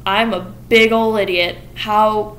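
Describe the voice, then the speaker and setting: Scarred young woman, hopeful and heartbroken, quoted by a woman, casual everyday voice, mid-pitched. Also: steady tone, fairly bright tone, slight background noise, poor audio. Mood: upset. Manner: quick retelling in a casual voice.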